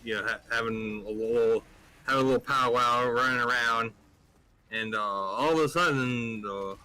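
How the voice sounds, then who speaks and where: A man's voice: medium pitch, moderate pace, bright, forceful tone, rough recording. A man telling a joke in a casual, rambling way, with lots of fillers.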